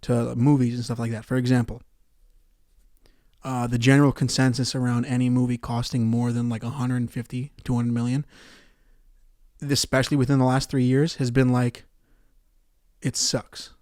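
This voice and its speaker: Man, comedic podcast rant, profane, loud bursts and mumbled asides, average pitch, dry close sound. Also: level tone, normal speed, no echo. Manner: profane, ranting, swings from loud outbursts to muttered asides.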